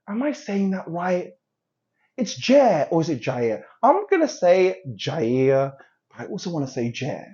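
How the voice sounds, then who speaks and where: A man's voice: high-pitched, dull audio. A man from London hosting a casual commentary, rambling and joking at himself, often trailing off and restarting. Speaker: host.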